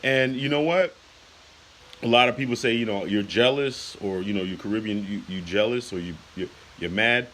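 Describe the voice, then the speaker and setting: A man's voice: lowish voice, brisk, hardly any pauses, fairly bright tone, slight background noise, poor audio. A man in his late thirties ranting on a casual vlog, heated and repetitive, with lots of "you know" and "man.". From United States. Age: 30s. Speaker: YouTuber.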